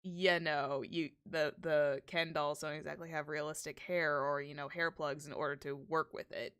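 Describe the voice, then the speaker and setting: A woman's voice: low voice, little pitch movement, moderate pace, a bit bright, clear, resonant tone. A woman streamer hosting a casual chat while drawing, rambling freely with plenty of restarts. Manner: rambling, chatty. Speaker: streamer host.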